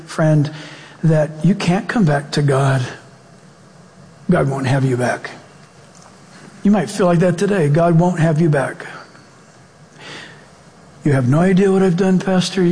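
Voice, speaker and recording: A man pastor preaching a sermon to his congregation, shifting from animated, fast-paced bursts to slow, solemn prayer. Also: a little high, long reverb tail. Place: church sanctuary.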